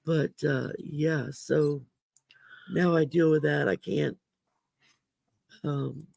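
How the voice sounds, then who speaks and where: A woman hosting a casual livestream chat, her voice growly from damaged vocal cords, rambling and halting with many fillers. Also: sits low, steady tone, creaky, a little mellow, dry recording. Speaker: host.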